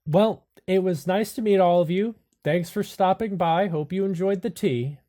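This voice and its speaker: A man's voice: high-pitched, moderate pace, mellow. A man narrating as game master of a tabletop game, laughing often and jumping into character voices.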